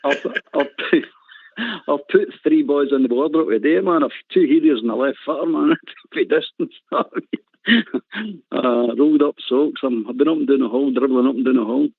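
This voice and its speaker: A man's voice: mid-range voice, moderate pace, gravelly, no room sound. Ranting Scottish man on a phone line. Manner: passionate, ranting, laughs often. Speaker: caller. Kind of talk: phone-in football rant. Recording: tinny phone line, dry.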